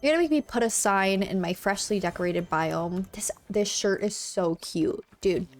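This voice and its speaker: A woman's voice: medium pitch, normal speed. A young woman streaming a video game, chatting casually and gushing, a little congested and sniffly, talking into her own mic. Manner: chatty, gushing, self-correcting. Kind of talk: casual gameplay commentary. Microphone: own desk mic.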